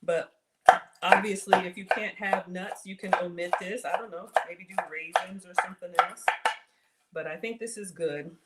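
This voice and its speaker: A woman's voice: lowish voice, steady tone, normal speed. Chatty Southern woman cooking in a noisy kitchen. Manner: chatty, self-deprecating, addresses viewers as y'all. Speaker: cooking show host. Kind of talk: casual cooking livestream chat. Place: home kitchen.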